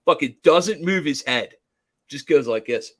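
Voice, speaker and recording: Profane, animated male podcast storyteller. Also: a little high, unhurried. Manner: profane, animated storyteller who acts out quotes. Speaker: podcast co-host. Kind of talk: casual storytelling chat.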